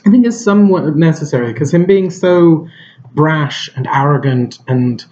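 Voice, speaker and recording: A man's voice: fairly high pitch, expressive, normal speed, mellow, highs cut off. A man giving a casual film review, rambling and hesitant, with lots of fillers and restarts.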